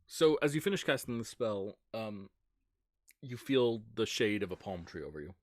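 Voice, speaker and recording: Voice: mid-range voice, expressive, moderate pace, no echo. Easygoing game master, dry close sound.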